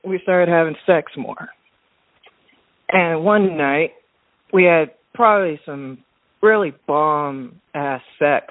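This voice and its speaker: A man calling in to a talk show, telling a story in a relaxed, rambling way full of restarts. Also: fairly high pitch, no echo. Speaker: caller. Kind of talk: casual storytelling on a call-in show. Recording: tinny phone line.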